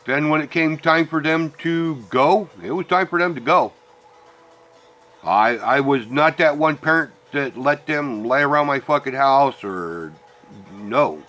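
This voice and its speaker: Ranting at his audience in a personal monologue, a middle-aged vlogger is blunt and heated, dropping frequent swear words for emphasis. He has a bright, forward voice at a medium pitch.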